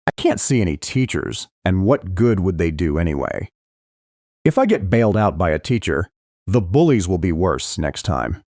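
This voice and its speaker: Deep-voiced man narrating a thriller audiobook. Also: darkish tone, dry recording, studio quality. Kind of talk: scripted first-person audiobook narration.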